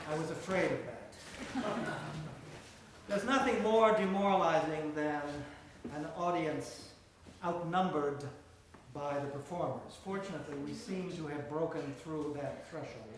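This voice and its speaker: Man presenter, fairly high voice, dry deadpan wit, live comic lecture, distant mic in an echoey room. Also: unhurried, pauses often, noisy background. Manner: dry, wry, deadpan asides. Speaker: host of a music comedy lecture. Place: concert room with a live audience. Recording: echoey room recorded from afar.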